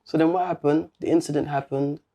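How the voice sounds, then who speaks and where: A man with a British accent, a guest in an interview, tells a personal story in casual, slangy street talk and acts out the dialogue. His voice is fairly high with fairly even intonation, brisk, and the audio is dull.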